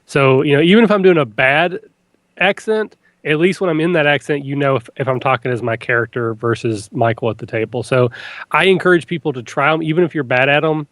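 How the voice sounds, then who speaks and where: A man's voice: fairly high pitch, fairly quick, fairly bright tone, no echo. A man appearing as a podcast guest, chatting in an easygoing, self-deprecating way. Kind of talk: casual talk show chat.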